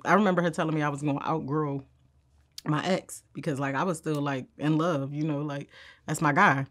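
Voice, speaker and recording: A woman's voice: deep voice, fairly even intonation, a little fast, fairly bright tone. A woman telling candid stories in an interview, blunt and slangy, laughing often. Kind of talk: candid storytelling.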